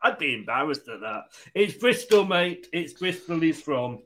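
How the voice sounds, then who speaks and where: A man hosts a casual online football quiz with a slightly high voice. He talks in a loose, jokey way and laughs often between questions. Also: big pitch swings, normal speed, fairly bright tone, slight background noise. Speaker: quiz host.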